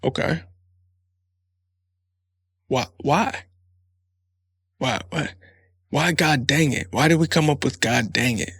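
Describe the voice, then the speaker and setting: Man, casual comedic monologue, profane and rambling, husky, dry close sound. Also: on the high side, takes it slowly, long pauses, a bit bright, dry recording. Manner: profane, rambling, laughs often. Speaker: podcast host.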